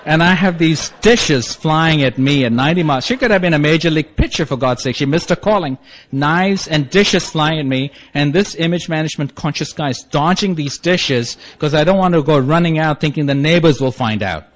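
A man's voice: on the high side, fairly quick. Wry man telling a funny story. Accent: non-native English accent. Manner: wry, self-mocking, laughs through lines. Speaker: speaker sharing a recovery story. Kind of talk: humorous personal storytelling.

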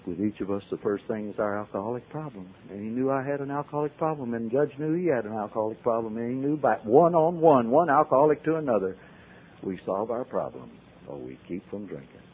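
A man tells his recovery story to a meeting in a folksy way, swinging from loud to hushed. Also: medium pitch, expressive, quick pace, husky. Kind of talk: personal storytelling talk. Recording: tinny phone-like old tape.

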